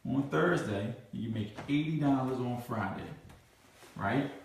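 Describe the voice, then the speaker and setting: A man coaching a group on marketing, animated and repetitive, often checking in with "right?", acting out what his prospects think. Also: mid-range voice, measured pace, slight background noise. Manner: animated, acts out prospects' thoughts. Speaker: network marketing trainer. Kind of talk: live group coaching session. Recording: very echoey room, mic far off.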